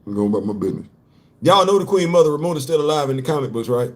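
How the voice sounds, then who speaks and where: A man's voice: a little high, animated, racing. A man hosting a casual comic-book commentary show, talking animatedly in slang, repeating his points and laughing often. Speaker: host.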